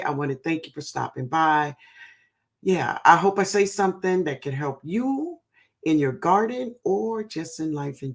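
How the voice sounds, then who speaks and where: A woman hosting a gardening livestream, chatting casually and affectionately, calling viewers baby and honey. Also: low-pitched.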